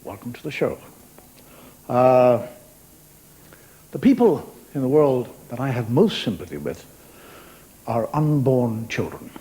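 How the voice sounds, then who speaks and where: A man's voice: medium pitch, very animated, takes it slowly, pauses often, warm tone, rough recording. A man performing a wry, chatty stand-up monologue, talking straight to a live studio audience. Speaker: stand-up comedian.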